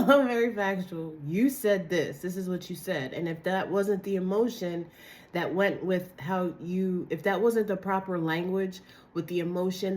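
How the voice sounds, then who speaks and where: Raspy, hoarse woman, low-ish voice, casual blunt tarot reader talking to her viewers. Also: a little mellow. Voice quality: dry, raspy voice. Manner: blunt, chatty, slangy. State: hoarse from a cold. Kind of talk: casual tarot reading to camera.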